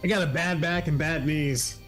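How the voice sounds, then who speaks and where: A man's voice: fairly high pitch, fairly even intonation, normal speed, over music. A man in casual chat during a tabletop game, patiently explaining things to the others. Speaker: player.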